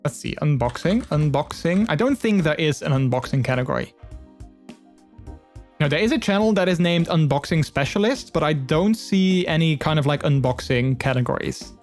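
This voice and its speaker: Chatty streamer man, fairly high voice. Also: expressive, normal speed, faint music behind. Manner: chatty, rambling with many fillers; open and earnest. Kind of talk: casual live-stream chat.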